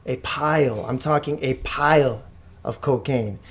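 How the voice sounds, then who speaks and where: A man casually telling a wild story on a podcast, animated and slangy, with frequent swearing. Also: mid-range voice, a little slow, a loud crowd. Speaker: podcast guest or co-host.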